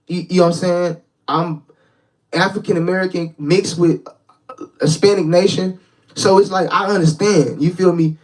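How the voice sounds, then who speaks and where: A man's voice: high voice, steady tone, normal speed, distant mic, low-quality recording. A young man hosting a live reaction stream as a street preacher, talking in a slangy casual way, repeating words and addressing the chat directly. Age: young adult.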